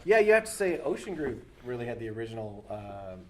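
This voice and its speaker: A man and voice actor chatting in a convention interview, telling lively stories about his work and jumping into high cartoon voices. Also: a little fast, a little hiss or hum. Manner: animated storyteller, bursts into high cartoon voices. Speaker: voice actor and director. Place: busy convention floor.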